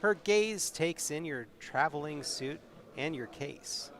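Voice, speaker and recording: A man's voice: a little high, lively intonation, fairly bright tone. Man reading a solo game aloud with wry asides. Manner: wry, reads text aloud slowly. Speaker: solo game player and streamer. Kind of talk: reading and commenting on a solo adventure.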